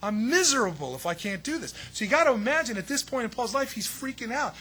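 Guy preaching a sermon, bright high voice, acts out the bits he quotes, lively. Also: fast talker, hardly any pauses, breathy edge. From United States. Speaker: pastor.

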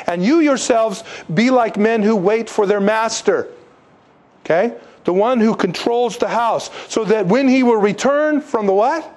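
A man preaching a sermon with a notably high voice. He presses his points with rhetorical questions and breaks off into animated asides. He sounds a little congested. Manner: emphatic, rhetorical questions to the congregation. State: congested, needing tissues. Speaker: pastor.

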